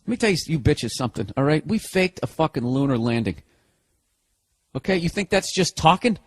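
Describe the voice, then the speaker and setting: Solo podcast host, male, with a fairly high, husky voice, lively intonation and a brisk pace. He delivers a comedic monologue, ranting in an exasperated, sarcastic way packed with profanity.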